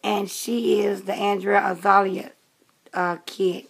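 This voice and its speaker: A woman's voice: medium pitch, flat delivery, takes it slowly, gravelly, slightly rough. A woman in her late fifties chatting casually to camera in a rambling way, with many fillers and restarts. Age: 50s. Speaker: vlogger.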